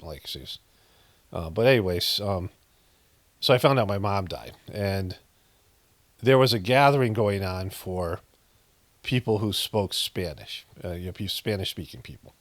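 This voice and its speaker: A man's voice: deep voice, normal speed, no room sound. A middle-aged man casually telling a personal story, rambling with many fillers and restarts, frank and sometimes profane. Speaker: meditation practitioner telling a story.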